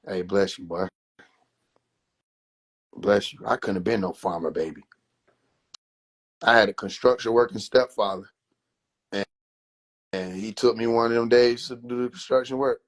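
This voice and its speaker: A man hosting a livestream, telling family stories in a casual, profane, animated way with frequent laughter. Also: on the low side, moderate pace, pauses often. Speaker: livestream host.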